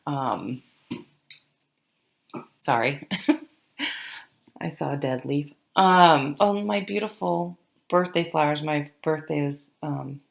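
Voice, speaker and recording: A woman's voice: low voice, slow pace, vocal fry, long pauses. A middle-aged woman giving a casual tarot reading to camera, rambling and often trailing off to restart her sentences. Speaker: tarot reader.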